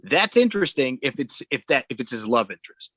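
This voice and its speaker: Bright-voiced man recapping a movie. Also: mid-range voice, big pitch swings, brisk, husky, dry recording, rough recording. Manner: rambling retelling with acted-out quotes, frequent restarts. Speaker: podcast co-host. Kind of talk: casual movie recap chat.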